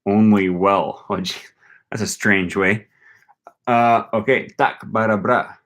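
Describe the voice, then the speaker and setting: Young male vlogger, low and unhurried, casual running commentary while he repeats practice phrases. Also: fairly even intonation, fairly bright tone. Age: young adult. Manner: thinks aloud, repeats foreign phrases slowly. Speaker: language learning vlogger. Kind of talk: casual commentary while using a language app.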